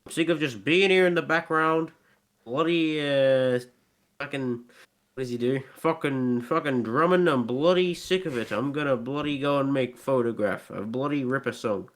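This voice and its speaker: A man's voice: medium pitch, normal speed, lightly acted. A man putting on a comic impression of a bitter male rock drummer who complains and swears constantly in podcast chat. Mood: grumbling. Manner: cursing, complaining, every sentence full of 'bloody'.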